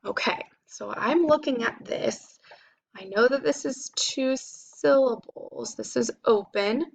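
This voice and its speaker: A woman teacher giving a slow, patient phonics lesson, sounding words out for young children. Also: fairly high pitch, creaky.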